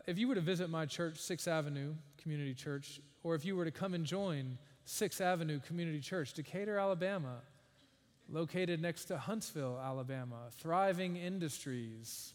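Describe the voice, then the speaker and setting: A man's voice: fairly high pitch, a little mellow, long reverb tail. A man preaching a sermon as a pastor, earnest and emphatic, with wry asides.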